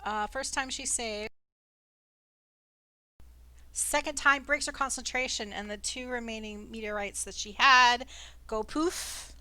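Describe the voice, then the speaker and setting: A woman's voice: on the high side, steady tone, unhurried, long pauses, pushed and bright, dry recording. A woman narrating as dungeon master in a chatty, playful way. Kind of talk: narrating a tabletop game.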